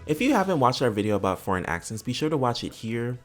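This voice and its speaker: A man's voice: medium pitch, sing-song, fast, music in the background. A man explaining language learning as an English educator, walking through examples step by step. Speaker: English educator and linguistics specialist.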